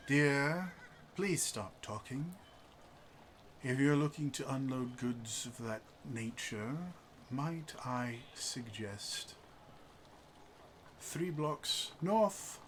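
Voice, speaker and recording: A game master voicing a reserved, formal noble husband who gives slow, careful directions. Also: medium pitch, fairly bright tone, slight background noise.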